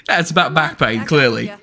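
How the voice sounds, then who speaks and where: A man's voice: fairly high pitch, measured pace, pushed and bright. A man streaming a live let's-play, talking in a rambling, sarcastic, stammering way. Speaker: game streamer.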